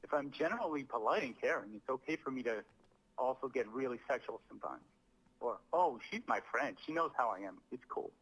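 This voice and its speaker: A man with a bright, forward voice reads a prepared apology word for word. He leans on certain words with stiff, rehearsed emphasis, like a script being performed. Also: mid-range voice, expressive, husky, low-quality recording. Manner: deliberate, stresses words as if acting. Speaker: comedian making an apology video.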